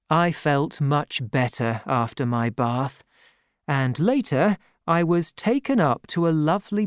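A woman reading a story aloud as narrator, measured and expressive. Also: rumbling low, no echo, studio quality.

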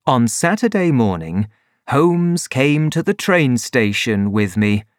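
Male narrator, audiobook reading, expressive lively pitch, slow pace. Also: no echo, clean studio sound.

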